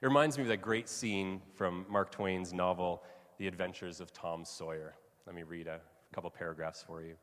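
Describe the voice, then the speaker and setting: A man preaching a sermon, reading a story aloud and telling it with lively, casual asides. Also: sits low, normal speed. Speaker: pastor. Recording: long reverb of a large hall.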